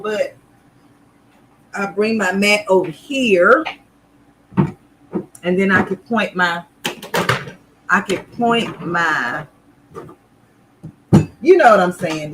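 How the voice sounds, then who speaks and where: A woman hosting a sewing livestream in casual chat, loud, extra and playful as she talks to her viewers from an indoor sewing room. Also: medium pitch, slow, long pauses, a little hiss or hum, low-quality recording.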